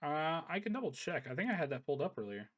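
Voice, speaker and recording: A man's voice: on the high side, very animated, fast, fairly bright tone, muffled recording. A man hosting a casual post-match interview, chatty and upbeat as he praises the players' plays. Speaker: league host interviewing players.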